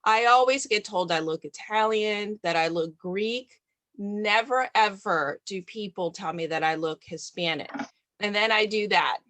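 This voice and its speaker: A woman's voice: medium pitch, unhurried, fairly bright tone, dry recording. A woman motivational speaker, a guest on an interview show, talking in an earnest, encouraging way.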